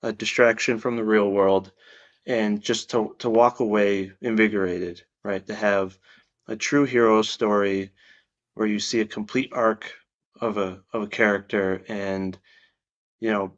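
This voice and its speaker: A male author answering interview questions in an earnest, measured, explanatory way, heard over a video call. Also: lowish voice, fairly even intonation. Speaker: guest author. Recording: dull lo-fi video call audio.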